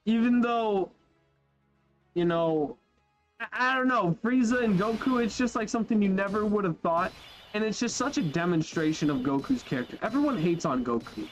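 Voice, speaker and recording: A young man giving casual, animated commentary while playing a game, chatting loosely, saying bro and yo, and trailing off mid-sentence. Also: high-pitched, moderate pace, highs cut off. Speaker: gaming YouTuber. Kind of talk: casual let's-play commentary. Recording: faint game music behind.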